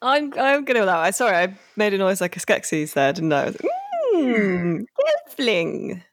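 A man hosting a relaxed conversation, recorded dry and close. He hesitates through fillers before landing dry, witty asides. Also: sits high, quick pace, dry recording. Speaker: podcast host. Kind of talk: casual chat.

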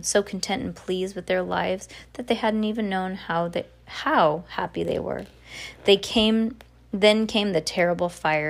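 A woman reading a children's novel aloud, unpolished, with frequent slips and restarts. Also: lowish voice. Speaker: audiobook reader. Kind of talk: casual read-aloud of a novel.

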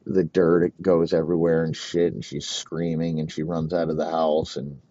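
A man telling a crude, rambling comedic story in a profane, deadpan way. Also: rumbling low, moderate pace, slight background noise. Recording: dull lo-fi recording.

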